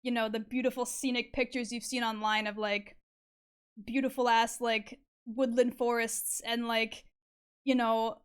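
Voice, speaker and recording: A woman's voice: a little high, little pitch movement, measured pace, clean tone. A young woman chatting casually while drawing on stream, full of fillers, swearing and frequent laughter. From Canada.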